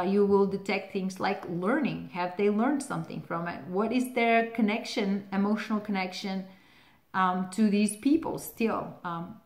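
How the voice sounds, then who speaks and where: A woman hosting a relationship advice channel, talking casually to the camera, laughing often and using lots of "like" fillers. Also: medium pitch. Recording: roomy echo.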